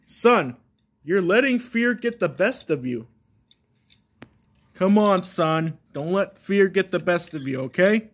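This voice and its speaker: A man's voice: high voice, lively intonation, slow pace, full character voice. A man voicing a preachy father who lectures his son and keeps calling him "son.". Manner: repeats "son" constantly, lecturing.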